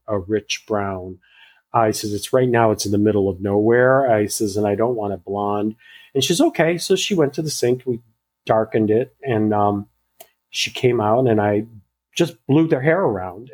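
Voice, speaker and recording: A man, a hairstylist, tells a story casually in an interview. He speaks at a middle pitch. He acts out both sides of the conversation and fills his talk with "you know" and restarts. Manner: animated retelling that acts out both sides of a dialogue.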